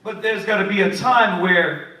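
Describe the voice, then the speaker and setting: A man teaching the Bible in a lively, preachy way, acting out what kids and parents say. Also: high-pitched, a little slow. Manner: animated, preachy, acts out quotes of kids and parents. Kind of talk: sermon-style teaching. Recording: echoey room, far from the mic.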